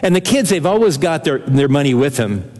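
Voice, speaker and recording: A man's voice: a little high, big pitch swings, a little fast, a little mellow, in a large hall. An older man preaching a sermon to his congregation, earnest and emphatic, often repeating key phrases for weight. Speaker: pastor.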